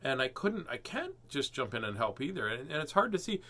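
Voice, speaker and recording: A man's voice: medium pitch, big pitch swings, fairly quick. A man hosting a casual livestream before reading children's books, joking, chatting with viewers and laughing often. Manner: playful, jokey, sings silly warm-ups and laughs often.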